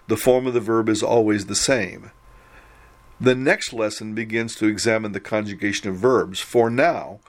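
A man teaching a recorded Greek grammar lesson, explaining in a measured way and slowing down to spell out syllables. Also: mid-range voice.

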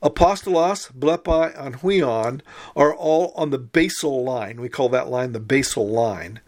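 A man teaching a Greek grammar lesson as a recorded lecture, explaining methodically, reading example words slowly and sometimes correcting himself. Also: medium pitch, darkish tone. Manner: occasional restarts and self-corrections.

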